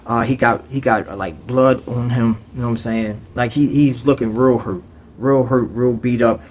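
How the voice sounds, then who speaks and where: A man's voice: mid-range voice, fairly even intonation, moderate pace, a little mellow, a little hiss or hum. A man telling a story in casual, streetwise slang, with frequent conversational asides.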